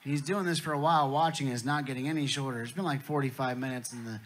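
A man's voice: mid-range voice, fairly even intonation, very fast. A man telling stand-up jokes at a festival in a laid-back, profane storytelling manner. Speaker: comedian. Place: festival stage.

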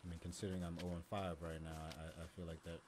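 A man's voice: deep voice, little pitch movement, quick pace, background noise. A young man streaming a video game, joking, swearing and talking to himself. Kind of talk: casual live-stream commentary.

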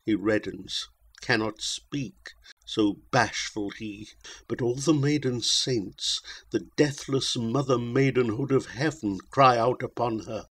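A man reading a narrative poem aloud as an audiobook narrator, slow and measured. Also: medium pitch, fairly bright tone, slightly rough. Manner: slow, measured, dramatic recitation.

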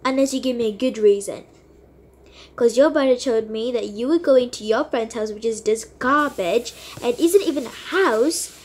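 A woman's voice: fairly high pitch, moderate pace, darkish tone, lightly acted. A woman voicing a snobby, bossy rich mother in a toy role-play game, speaking haughtily and looking down on others. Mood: scornful.

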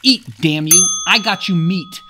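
A man voicing a boastful boy hunter, excited and then raging, with high, shouted boasts. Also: measured pace, background noise.

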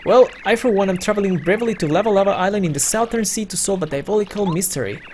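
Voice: medium pitch, quick pace, a little mellow, slight background noise, voice pushed up, close to an everyday voice. A let's player voicing a pompous, upper-class male explorer with plummy, old-fashioned phrasing. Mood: jaunty.

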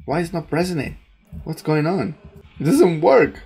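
Excitable, gravelly gamer voice. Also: mid-range voice, unhurried, faint music behind. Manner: excitable, panicky, laughs often. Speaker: gaming channel host. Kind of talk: gameplay commentary.

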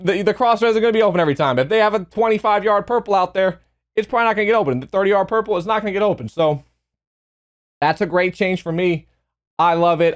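Young guy with a highish voice doing a game review, kinda breathless, talks fast and repeats himself a lot. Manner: fast, emphatic, repeats and restarts phrases. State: slightly out of breath. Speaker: gaming YouTuber. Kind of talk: casual gameplay review.

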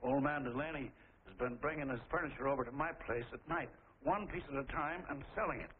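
A man plays an elderly neighbor, once grumpy, now speaking with shy, halting warmth. The voice is mid-pitched and comes through a thin, tinny old-film soundtrack with faint hiss. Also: natural voice. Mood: sheepish. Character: deaf cranky old neighbor turned friendly, older man.

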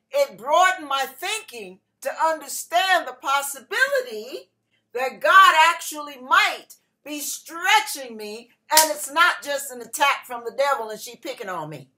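A middle-aged woman pastor preaching a sermon, telling a personal story with animated delivery and acting out other people's voices. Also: high-pitched.

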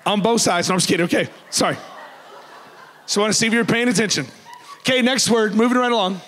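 Loud, animated pastor in a church hall. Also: male voice, sits high, fast, a little hiss or hum. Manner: loud, animated, joking with the congregation. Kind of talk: sermon.

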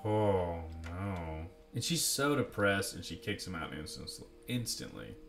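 A man's voice: low-pitched, lively intonation, measured pace, over music. A man giving casual gameplay commentary, playful and jokey, often talking to himself. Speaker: let's play commentator.

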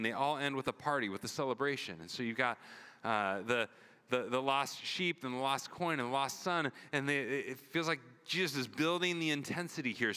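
Male pastor, sermon, bright voice, lively storytelling, long hall reverb. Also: mid-range voice, clean tone. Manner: storytelling with acted-out dialogue and rhetorical "right?".

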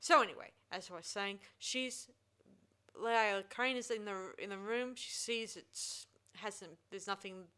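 Bright, clear-voiced woman recapping a film. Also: medium pitch, unhurried. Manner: rambling plot recap with frequent restarts. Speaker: film review podcast host. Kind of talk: casual chat.

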